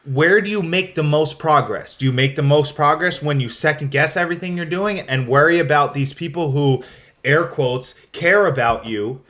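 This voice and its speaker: Young male co-host, slightly high voice, blunt pep-talk energy. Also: normal speed, a bit bright. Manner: blunt, motivational, swears freely. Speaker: podcast co-host. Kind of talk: casual chat.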